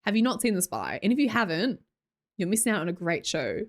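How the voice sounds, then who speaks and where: A young woman with an Australian accent chats her way through a livestream, reading out viewer messages and breaking into laughter often. Her pitch sits in the middle range. She talks casually and keeps up an easy running commentary. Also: sing-song, fast. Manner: chatty, laughs often, reads chat comments aloud. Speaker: livestream host.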